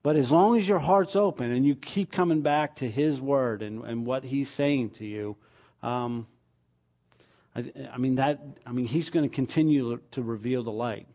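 A man leading a small church group, giving announcements and talking things over in a halting way, with lots of fillers and restarts. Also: medium pitch, dark tone. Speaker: pastor.

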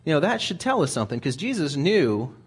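A man's voice: fairly high pitch, big pitch swings, a little fast, slightly rough. A man preaching a sermon in a conversational way, often repeating words as he thinks aloud.

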